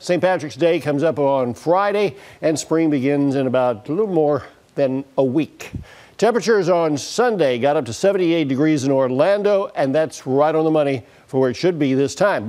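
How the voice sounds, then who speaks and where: A man's voice: fairly high pitch, a little mellow. A man, a TV meteorologist, giving a weather forecast in a folksy, chatty way with dry humor. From United States.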